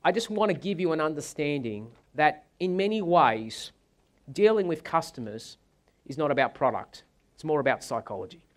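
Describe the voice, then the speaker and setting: A male sales trainer delivers a seminar, telling his anecdotes with animated, dramatic flair. His voice sits a little high for a man. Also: normal speed.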